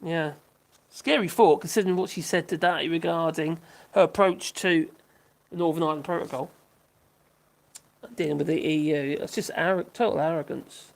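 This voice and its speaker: A woman's voice: low voice, steady tone, moderate pace, vocal fry. An older woman, chatting casually on a livestream, reading out viewer comments and rambling with frequent giggles and restarts. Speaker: livestream host.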